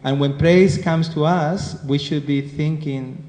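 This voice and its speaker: A man's voice: fairly high pitch, steady tone, unhurried, darkish tone. Spanish-accented man teaching in an echoey hall. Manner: conversational, keeps asking the listeners questions. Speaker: scripture class teacher. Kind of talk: devotional class lecture. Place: class room with listeners. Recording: roomy hall echo with faint noise.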